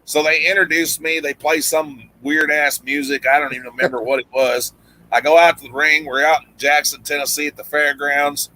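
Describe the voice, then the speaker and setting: A man with a drawl tells a loose, meandering story, stopping and restarting often. His voice is bright and forward, and he jumps into quoted lines as he recounts them. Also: on the high side, steady tone, normal speed, poor audio. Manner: rambling, many restarts, acts out quoted lines. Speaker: guest storyteller, former pro wrestler. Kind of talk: casual storytelling chat.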